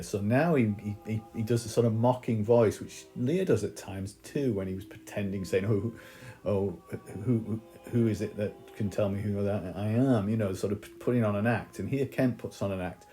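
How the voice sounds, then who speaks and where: A man's voice: on the low side, mellow. A man teaching literature, talking through a play in a conversational way with fillers and restarts. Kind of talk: explaining a play in a recorded lesson.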